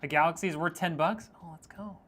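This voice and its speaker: A man's voice: a little high, fast, fairly bright tone. Joking man reading a live chat. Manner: joking, teasing, laughs often. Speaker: streamer building PCs. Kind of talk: casual live-stream chat reading viewer messages.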